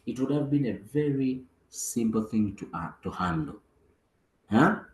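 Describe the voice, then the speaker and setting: A man's voice: medium pitch, lively intonation, a little slow, echoey room, poor audio. A man giving a motivational training talk as a business team trainer, acting out dialogue and repeating words for emphasis.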